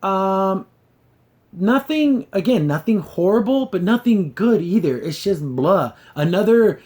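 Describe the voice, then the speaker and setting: A young man hosting a casual review of a cartoon episode, sarcastic and mocking scenes with quick put-on voices. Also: sits high, animated, darkish tone.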